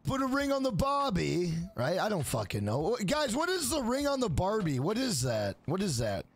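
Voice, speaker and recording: A man's voice: sits high, wildly swooping pitch, normal speed. A man live-streaming a video game, chatting casually with viewers in a rambling, profane way.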